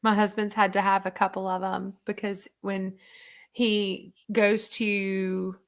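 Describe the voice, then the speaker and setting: A woman's voice: medium pitch, little pitch movement, slow pace. A woman hosting a casual online chat, answering viewer questions in a chatty, rambling way with lots of fillers. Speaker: host and diet coach.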